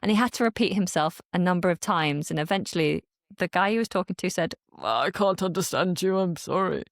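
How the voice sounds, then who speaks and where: A young adult woman from Manchester with a modern RP accent, speaking as a podcast guest and accent coach in a thoughtful, measured way. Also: low voice, vocal fry, dry recording, clean studio sound. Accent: modern RP English. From Manchester, England. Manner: thoughtful, measured, with small restarts. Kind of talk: podcast interview.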